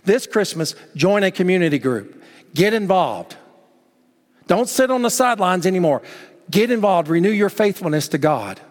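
A man preaching a sermon as pastor, urging his listeners on and telling a story in lively acted quotes. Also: high voice, normal speed. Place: church sanctuary. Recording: long hall reverb.

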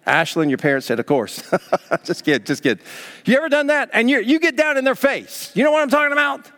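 A man preaching a sermon as pastor, emphatic and animated, acting out parents scolding their children. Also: very high voice, a little fast, long reverb tail. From Southern United States.

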